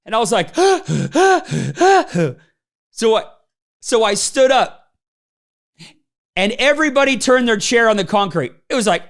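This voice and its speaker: High, clear-voiced man telling stories. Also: expressive, normal speed, long pauses, fairly bright tone. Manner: storytelling, acts out quoted people. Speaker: business trainer. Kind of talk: motivational talk to a live audience.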